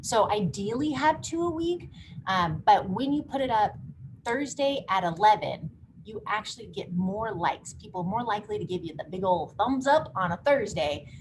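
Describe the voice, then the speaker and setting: A woman's voice: medium pitch, expressive, moderate pace. A woman hosting a live online marketing workshop, coaching emphatically. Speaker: workshop host. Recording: noisy background hiss.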